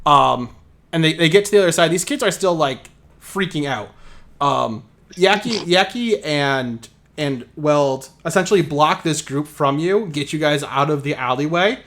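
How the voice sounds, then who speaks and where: A man's voice: on the high side, animated, unhurried, a bit bright. A man narrating as game master in a casual tabletop session, rambling and full of fillers.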